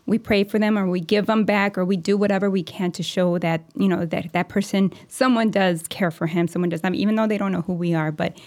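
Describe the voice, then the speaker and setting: A woman's voice: mid-range voice, fairly even intonation, darkish tone. Chatty woman full of "you know". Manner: chatty, many "you know" fillers, quick laughs. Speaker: mortgage lender, interview guest. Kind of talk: casual interview chat.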